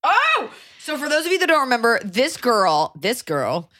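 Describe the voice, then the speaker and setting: A young woman co-hosting a casual advice podcast, blunt and jokey, with animated swings in her delivery. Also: sits high, moderate pace, no echo, studio quality. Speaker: podcast co-host.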